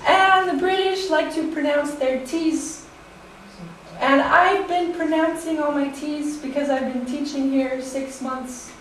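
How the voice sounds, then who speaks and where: An American woman teaching English, giving a slow, deliberate classroom presentation and laughing lightly between points. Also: high voice, fairly even intonation, heavy reverb, distant mic, slight background noise, poor audio. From United States.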